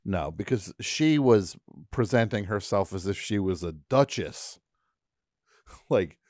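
A man's voice: lowish voice, animated, takes it slowly, darkish tone, dry recording, studio quality. A man hosting a radio show, chatting casually and telling a story, breaking into silly put-on voices and accents as he goes. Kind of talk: casual studio chat. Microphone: studio microphone.

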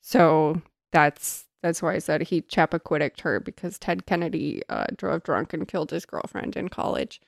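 A woman co-hosting a podcast, animated and swearing freely while discussing a book. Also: low voice, normal speed, gravelly, few pauses, no room sound, studio quality.

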